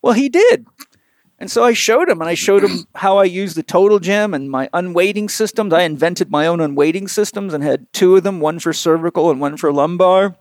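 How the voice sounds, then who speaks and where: A man who works as a physical therapist telling a long, animated anecdote in an interview, rambling with lots of fillers. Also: high voice, brisk, hardly any pauses, no room sound. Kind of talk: storytelling in an interview.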